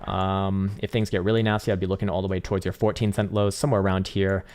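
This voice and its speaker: Gravelly fast-talking man on a live stream. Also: low-pitched, little pitch movement, a little mellow. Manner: rambling, profane, frequent fillers and restarts. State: strained, tired voice. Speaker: crypto trading livestream host. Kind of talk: casual livestream chart analysis.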